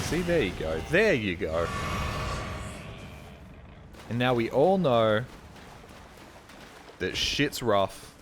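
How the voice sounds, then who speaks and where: A man's voice: fairly low pitch, noisy background. Profane, rambling male game streamer. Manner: rambling, profane, joking asides. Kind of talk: casual live-stream gaming commentary.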